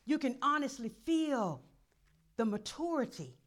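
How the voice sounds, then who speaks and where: A woman pastor, preaching a sermon that swings from murmured prayer to loud calls. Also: high-pitched, sing-song, a little slow.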